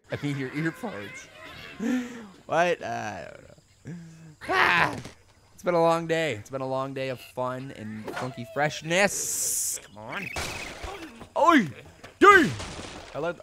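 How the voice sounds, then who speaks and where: A young man chatting his way through a game at home, his voice bouncing up and down as he rambles and suddenly yells. He sounds a bit high for a man, and a steady hiss of noise sits behind his home mic. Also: unhurried, vocal fry. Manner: goofy, rambling, bursts into loud yells. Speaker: gaming channel host. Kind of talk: let's play commentary. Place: home room.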